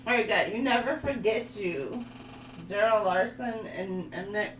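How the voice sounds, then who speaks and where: A woman's voice: mid-range voice, measured pace, a little hiss or hum. A woman tarot reader in casual chat, laughing often and telling stories with animation. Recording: echoey room.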